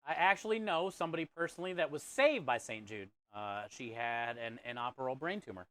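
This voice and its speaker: Broadcasting live from a kitchen or food truck, a man cooks while chatting easily with viewers, reading their comments and calling them "bro" and "dude." He talks a little fast in a medium-pitched, fairly bright voice, with no room sound in the recording.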